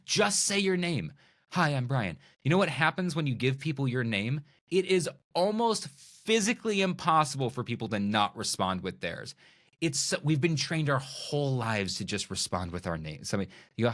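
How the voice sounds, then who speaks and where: A middle-aged man, a magician and speaker, talking as a podcast guest in a playful, animated way that acts out little scenes of dialogue. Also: medium pitch. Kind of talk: animated conversational interview.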